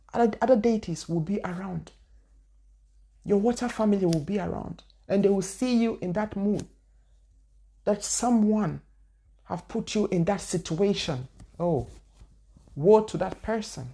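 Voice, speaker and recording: A woman's voice: medium pitch, a little mellow. A woman spiritual teacher telling her own story in an earnest, repetitive way. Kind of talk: personal testimony talk.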